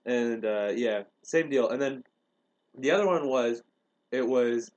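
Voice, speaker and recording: A man's voice: mid-range voice, measured pace, darkish tone, highs cut off. A young man on a podcast, casually retelling a story and acting out the quoted lines. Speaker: podcast host.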